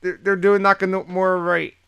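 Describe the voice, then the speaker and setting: A man co-hosting a casual podcast, retelling the week with lots of energy and plenty of swearing. His voice is smooth and resonant and sits a little high. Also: normal speed. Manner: animated retelling, heavy swearing. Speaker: podcast co-host. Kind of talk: casual chat recapping wrestling.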